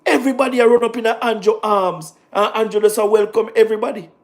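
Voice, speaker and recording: Jamaican man, high-pitched voice, casual livestream political commentary, animated, repetitive. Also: fast. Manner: animated, repetitive, talks in patois with laughs.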